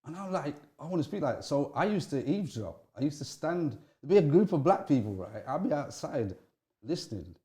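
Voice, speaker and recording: A middle-aged man, an interview guest, telling candid stories from his youth with animated swings in pitch and frequent restarts. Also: fairly quick.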